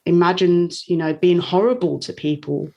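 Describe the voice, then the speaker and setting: A woman speaking as an interview guest, telling a personal story in a candid, open way. Her delivery is warm and unguarded, with soft laughs slipping in between phrases. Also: on the low side, fairly even intonation, moderate pace, vocal fry, lo-fi sound. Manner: warm, open, frequent light laughs while recounting. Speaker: guest, coach.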